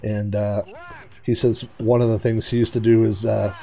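A man hosting a retro gaming video, giving casual, excitable gameplay commentary and chatting to the players on screen. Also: on the low side, normal speed, gravelly.

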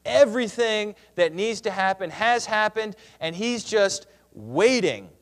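A man with a notably high-pitched voice lectures on scripture. He reads passages with dramatic swings, rising to loud cries and then dropping to hushed words. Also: a little slow. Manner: expressive, dramatic readings with sudden loud and hushed turns. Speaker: Bible teacher.

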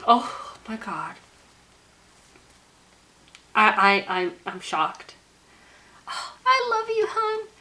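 Bright-voiced young woman gushing slowly. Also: fairly high pitch. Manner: gushing, breathless exclamations. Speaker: YouTuber opening a gift. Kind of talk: casual vlog unboxing.

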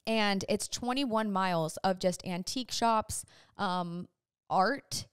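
A woman's voice: mid-range voice, slow, clean tone, no echo, studio quality. A young woman hosting a casual chat with her mom, chatty and often laughing. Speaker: host.

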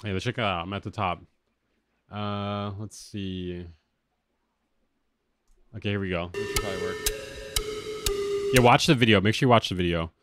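A man with a lateral lisp chatting casually on a livestream from a home studio, loose and excitable and swearing often. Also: fairly low pitch, moderate pace, pauses often, soft background music. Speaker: music producer streamer.

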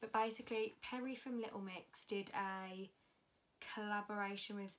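A woman's voice: mid-range voice, steady tone, moderate pace. A young woman chatting casually through a fashion haul, talking freely and swearing often. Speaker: fashion vlogger.

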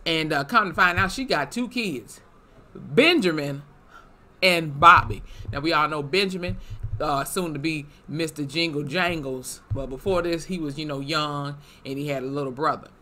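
Young female vlogger, bright edgy tone, animated profane recap delivery. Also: low voice, moderate pace. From Wisconsin, USA. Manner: animated, swearing, lively asides. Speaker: YouTube TV reviewer. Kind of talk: casual episode recap.

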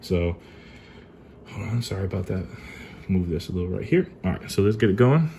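A man's voice: normal speed, vocal fry, a little hiss or hum. Subdued young man unboxing cards. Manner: kept low and subdued, calls himself monotone. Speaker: card collecting YouTuber. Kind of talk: casual unboxing commentary. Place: apartment at home.

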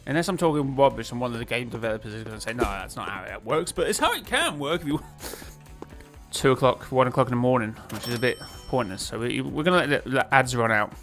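A man giving casual, excitable commentary while he plays a management game, talking to himself and laughing often. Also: medium pitch, quick pace, hardly any pauses, faint music behind. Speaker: gaming YouTuber.

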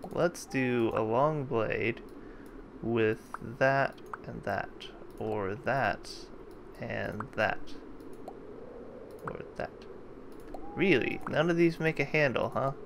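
A man's voice: mid-range voice, slow, vocal fry, fairly bright tone, a little hiss or hum. A man hosting a let's play, giving casual, jokey gameplay commentary and thinking aloud as he plays.

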